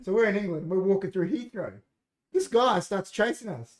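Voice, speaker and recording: An Australian man with a fairly high voice, chatting loosely on a podcast. He tells stories with a lot of energy and mimics the people in them. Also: normal speed. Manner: animated storyteller, acts out the voices of people in his stories. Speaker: podcast co-host. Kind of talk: casual chat, storytelling. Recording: podcast studio.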